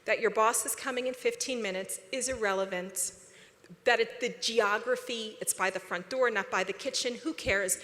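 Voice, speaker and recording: A woman speaks to a conference audience in a bright, fairly high voice. She is chatty and animated, tossing questions to the crowd, and the long reverb of a big hall trails her words. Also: normal speed. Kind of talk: conference talk.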